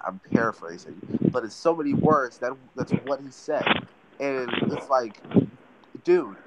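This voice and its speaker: A man's voice: medium pitch, heavy background noise. A man co-hosting a podcast in casual chat, rambling and swearing as he retells a story. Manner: profane, rambling, animated retelling. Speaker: podcast co-host.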